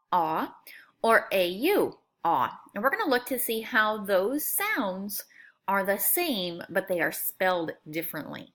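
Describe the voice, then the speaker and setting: A woman teaching a phonics lesson to young students, sounding out words slowly and clearly in a friendly, coaxing way. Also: on the high side. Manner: slow, clear, exaggerated sound-outs.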